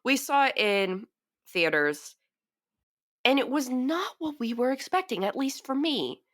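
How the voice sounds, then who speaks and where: A woman's voice: high-pitched, a little slow. A woman co-hosting a film review podcast, chatting casually, laughing and acting out quotes. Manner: animated, laughs often, acts out quotes. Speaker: podcast co-host.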